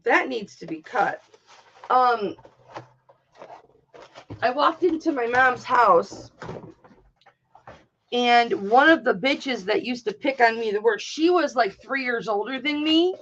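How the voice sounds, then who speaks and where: A woman in her forties hosts a casual livestream and tells a personal story bluntly, swearing freely. Her voice sits a little high and the talk runs hot and unpolished. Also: lively intonation, slow, long pauses, a bit bright, dull audio, slight background noise. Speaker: livestream host.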